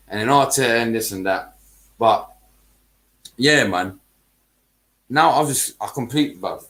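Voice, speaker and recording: A man's voice: mid-range voice, animated, measured pace, pauses often, fairly bright tone. A man hosting a football podcast, ranting heatedly in casual chat, swearing and using heavy street slang.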